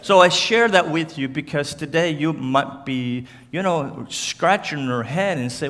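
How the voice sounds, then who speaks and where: A man from Cape Breton Island with a Cape Breton accent, speaking as a guest at church in a slow, halting way, with slurred words and restarts. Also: a little high, fairly bright tone. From Cape Breton Island, Canada. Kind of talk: church talk to a congregation. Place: church hall. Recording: church hall reverb.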